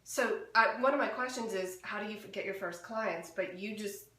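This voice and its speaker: Woman host chatting w her guest, medium pitch, roomy echo. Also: moderate pace, bright, forceful tone, far from the mic. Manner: encouraging, lots of "yeah" backchannels. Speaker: interview host. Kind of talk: casual interview. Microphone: video call.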